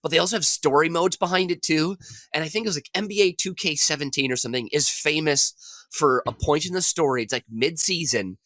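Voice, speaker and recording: A man, a podcast contestant, pitching a game idea in casual, rambling chat. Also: fairly quick, a bit bright, dry recording.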